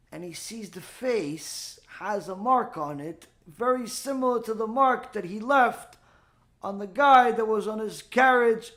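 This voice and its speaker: A man, a rabbi, telling a story in a Torah lesson and acting out the dialogue with lively delivery. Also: high-pitched.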